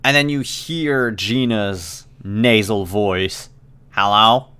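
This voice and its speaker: A man running a tabletop role-playing game as game master, describing scenes in a relaxed, hesitant way with frequent fillers. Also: fairly low pitch, unhurried.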